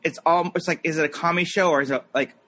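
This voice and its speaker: Man, 30s, casual podcast co-host; high bright voice, rambling storyteller. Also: steady tone, quick pace. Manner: rambling, lots of fillers, mimics people in anecdotes.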